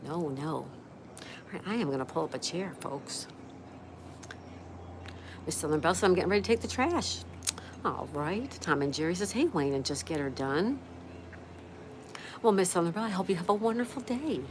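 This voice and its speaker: A woman's voice: on the low side, moderate pace, pauses often. A woman hosting a casual live stream, chatting and reading viewer comments aloud while greeting each person by name. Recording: steady background noise.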